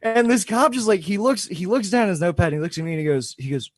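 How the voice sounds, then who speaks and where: A young man spins a story on a casual podcast, cursing freely and breaking into laughter. His pitch rises and falls a lot as he talks. The sound is close and dry with no room around it. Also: fast talker, no echo. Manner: animated, swearing, laughing often. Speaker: podcast co-host.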